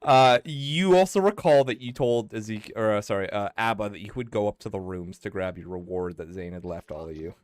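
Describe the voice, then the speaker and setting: A man's voice: lowish voice, brisk, hardly any pauses, dry recording, clean studio sound. A man acting as game master, narrating a tabletop game in a laid-back way with lots of fillers and chuckles.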